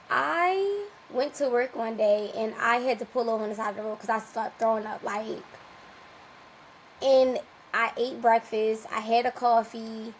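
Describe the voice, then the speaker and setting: A woman guest on a podcast telling a personal story in a casual, animated way, laughing often and restarting her sentences. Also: a little high, moderate pace, slight background noise, low-quality recording.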